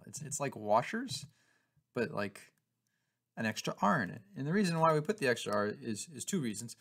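A man with a gravelly voice teaches calculus. He talks at an ordinary pitch, relaxed and chatty, with casual fillers as he explains. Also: normal speed. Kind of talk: casual math lesson.

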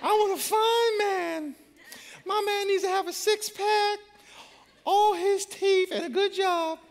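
A man voicing a demanding young woman listing what she wants in a husband, in a sassy falsetto. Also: steady tone, slow, big-room sound, full character voice.

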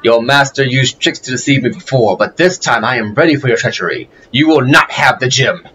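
A man's voice: medium pitch, fairly quick, sharp tone, slight background noise, lightly acted. A man voicing a proud stone guardian creature in a video game who speaks in stern, solemn declarations.

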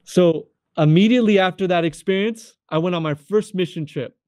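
High-voiced man telling his testimony. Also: moderate pace, dry recording, studio quality. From California. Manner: animated, acts out quoted voices, addresses the host by name often. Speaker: guest sharing his testimony. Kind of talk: emotional storytelling testimony.

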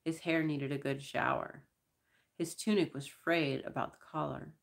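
A woman reads first-person science fiction in a deep, gravelly register. Her delivery is measured, with a dry, wry edge. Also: fairly even intonation. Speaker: audiobook reader. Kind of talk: first-person sci-fi narration.

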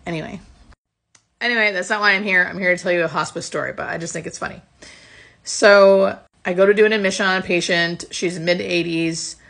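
A woman hospice nurse telling a story casually to her phone camera, reflective and soft-spoken, often trailing off at the ends of phrases. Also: fairly low pitch, steady tone, fairly quick, vocal fry.

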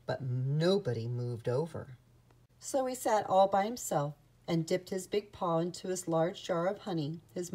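A woman reading a children's picture book aloud with an expressive storytelling manner. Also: fairly low pitch.

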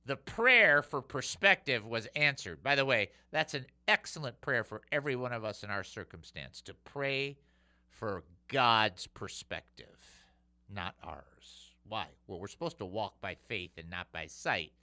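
Male radio preacher, lively swooping pitch, bright voice, emphatic. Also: a little slow. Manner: animated, emphatic, swings between loud and hushed. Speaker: radio show host and preacher. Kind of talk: radio Bible teaching.

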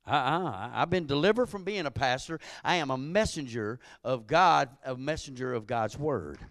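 A man preaching a sermon as pastor, calling out to his congregation and building to loud emphatic peaks. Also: medium pitch, expressive, normal speed, dry recording, clean studio sound.

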